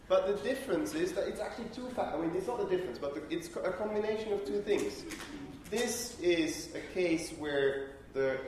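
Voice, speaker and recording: A male lecturer with a high, darkish voice explains phonetics to a class, thinking out loud and checking in with his students often. The room is an echoey classroom with faint ambient noise.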